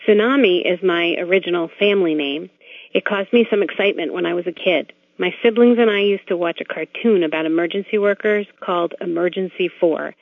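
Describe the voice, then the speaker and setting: A woman telling a plain, unhurried personal story about her own name. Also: on the low side, gravelly, no room sound. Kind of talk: personal anecdote monologue. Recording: narrow phone-like sound.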